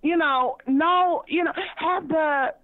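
Woman caller, high voice, gushing and rambling, tinny phone-line sound. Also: takes it slowly, no room sound. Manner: effusive, rambling, many ums and restarts. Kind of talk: excited phone call to a talk show.

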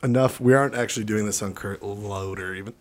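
A man's voice: on the low side, fast. A man co-hosting a casual comedy podcast, rambling and joking, swearing freely, with the hiccups. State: has the hiccups. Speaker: podcast co-host.

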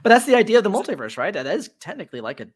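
A man's voice: high-pitched, very animated, very fast, slightly rough. A man co-hosting a casual chat, telling anecdotes in a laid-back, joking way. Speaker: podcast co-host.

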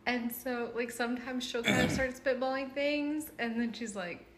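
A woman's voice: a little high, steady tone, moderate pace, fairly bright tone. A woman co-hosting a casual podcast, chatting and laughing as she tells stories about her daughter, with lots of filler words. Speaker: podcast co-host, mother. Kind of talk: casual chat, storytelling.

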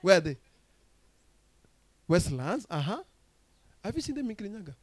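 A man with a Kenyan accent preaching a sermon, asking the congregation questions and swinging from soft, low passages to loud, rising exhortation. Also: sing-song, normal speed, dry recording. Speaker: pastor.

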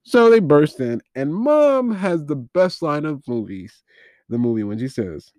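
A man's voice: on the high side, big pitch swings, measured pace, darkish tone, dry recording, clean studio sound. A man hosting a podcast, recapping an old movie in a rambling, wry, casually profane way and laughing at how ridiculous it is. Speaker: podcast host.

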